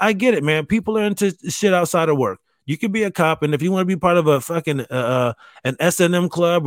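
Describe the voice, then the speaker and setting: A man's voice: on the high side, dry recording, studio quality. A man ranting casually and profanely, exasperated and mocking, often stumbling over restarts. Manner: halting restarts, mimics voices. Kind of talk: casual solo rant.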